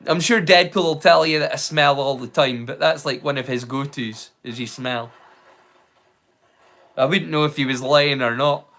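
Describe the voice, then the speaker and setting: A man's voice: mid-range voice, steady tone, normal speed, fairly bright tone. A Scottish man hosting a live watch-along stream. He chats casually, rambling, swearing and poking fun at himself. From Scotland. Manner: rambling, sweary, self-mocking.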